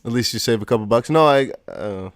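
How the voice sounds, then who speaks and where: A man hosting a live crypto stream, excitable and rambling, out of breath and self-mocking. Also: medium pitch, fairly quick, smooth. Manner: excitable, shouting and laughing with relief. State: out of breath, sweating. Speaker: crypto livestream host.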